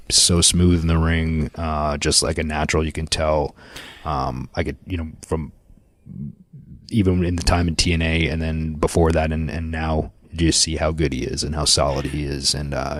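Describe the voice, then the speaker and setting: A man's voice: very deep voice, steady tone, normal speed, no room sound. A man from Canada co-hosting a podcast, telling rambling anecdotes with self-mocking jokes. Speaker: podcast co-host. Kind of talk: casual chat, storytelling.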